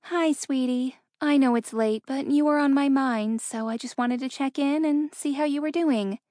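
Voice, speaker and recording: A woman's voice: high-pitched, normal speed, dark tone, dry recording, clean studio sound, pitched above the performer's own voice, close to an everyday voice. A woman voicing a caring middle-aged mother who speaks tenderly and reassuringly in an audiobook reading.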